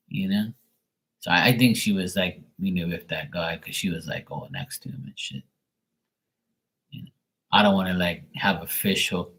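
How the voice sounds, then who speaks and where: A man's voice: deep voice, moderate pace, long pauses, a bit bright, poor audio. A man hosting a live stream, rambling through a casual story in streetwise slang with lots of swearing and acted-out conversations. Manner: acts out both sides of conversations. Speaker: live stream host giving readings.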